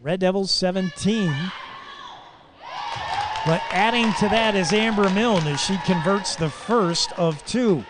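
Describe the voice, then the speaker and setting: Folksy asides to listeners mix with rapid, excited calls as a man announces a high school girls basketball game live on local radio. On the big plays, the play-by-play announcer's voice leaps into shouts.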